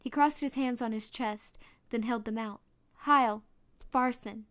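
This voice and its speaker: A woman reading a novel aloud as a storybook narration, steady, with small restarts now and then. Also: fairly high pitch, normal speed. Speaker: audiobook reader.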